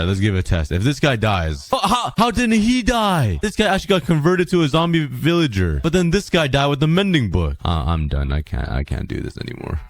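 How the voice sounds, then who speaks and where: A young man hosting a gaming channel, giving casual, exasperated play-by-play commentary to his viewers. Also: low-pitched. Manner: animated, exasperated, talks to viewers.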